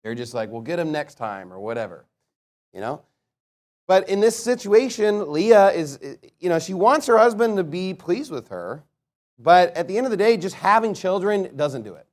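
A man preaching in a relaxed, talky way, his voice sitting a bit high for a man. He breaks into little acted-out quotes and lifts his voice for emphasis, then drops back into easy chat with the congregation. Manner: conversational, with quick acted-out quotes and rising emphasis. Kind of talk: sermon.

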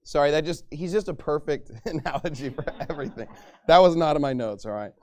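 Male pastor, high-pitched, emphatic preacher; reads scripture aloud. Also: a little fast, a little mellow. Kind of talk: sermon.

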